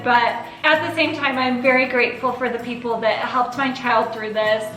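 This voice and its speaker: A woman's voice: sits high, a bit bright, echoey room, poor audio. A woman in her thirties answering viewer questions in a casual vlog, earnest and open about fostering, at times holding back tears. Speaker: vlogger, foster and adoptive mother.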